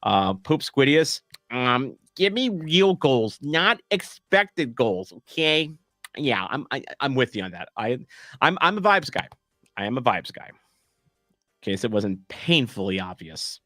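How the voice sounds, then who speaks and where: A man hosts a live watch-along, talking loosely to his viewers in a self-mocking, meandering way, stumbling through fillers and false starts. His voice sits at an ordinary middle pitch. The sound is dry and close, with no room around it. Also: very animated, measured pace, a bit bright, no echo, faint music behind. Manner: rambling, self-deprecating, many fillers and restarts. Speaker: streamer hosting a soccer watch-along. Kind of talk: casual live-stream chat reading comments.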